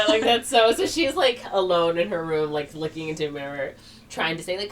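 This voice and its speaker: A woman's voice: lowish voice, brisk. A woman co-hosting a podcast, casually retelling a plot in a rambling way, full of "like" and "or whatever". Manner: rambling, heavy on fillers like "like" and "or whatever". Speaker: podcast co-host. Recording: distant mic with faint background noise.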